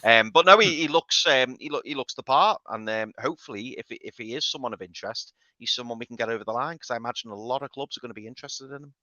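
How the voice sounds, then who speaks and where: A man's voice: medium pitch, fast, hardly any pauses, pushed and bright, no echo. A man chatting casually on a football fan podcast, rambling with many fillers and repeated words. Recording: dull lo-fi dry remote audio.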